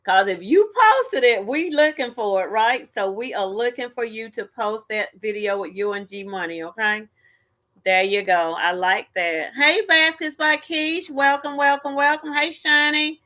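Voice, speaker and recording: A woman's voice: fairly high pitch, lively intonation, a little slow, fairly bright tone. A woman hosting a casual live stream, chatty and greeting viewers by name.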